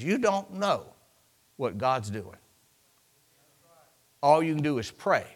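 A man preaching to his church, his voice sitting a touch high for a man. He talks to the congregation in a loose, chatty way, acting out little scenes and calling out hallelujahs as he goes. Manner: preachy, conversational, with acted-out asides and hallelujahs. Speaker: pastor. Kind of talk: sermon.

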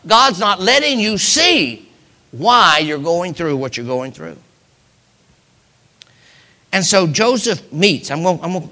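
Slow, bright-voiced preacher, swinging loud to whispers. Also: male voice, fairly high pitch, in a large hall. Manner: dramatic storytelling, acting out Bible characters, dropping to whispers. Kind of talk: sermon.

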